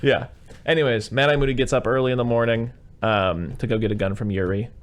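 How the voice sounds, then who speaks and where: A man hosting a podcast, casually retelling a film plot in a rambling way, with quick put-on voices for the characters. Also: medium pitch, steady tone. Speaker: podcast host. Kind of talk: casual chat recapping a film.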